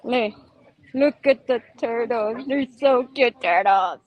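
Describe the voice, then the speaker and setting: A woman's voice: fairly high pitch, slow pace, no echo, muffled recording. A woman chatting casually on a phone live stream while walking outdoors by a pond, exclaiming and laughing often. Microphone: phone held while walking.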